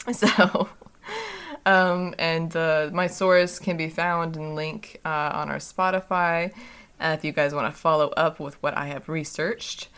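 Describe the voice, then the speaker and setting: Giggly, chatty young woman, slightly low voice. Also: steady tone, slow, fairly bright tone, smooth. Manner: chatty, giggly, many fillers. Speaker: podcast co-host. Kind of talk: casual podcast chat.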